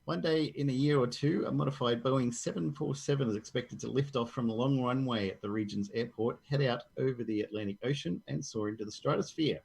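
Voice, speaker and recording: A man's voice: mid-range voice, gravelly, a little mellow, husky, low-quality recording. An Australian man co-hosting a tech news podcast, reading news articles aloud and joking about them in casual chat. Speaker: podcast co-host.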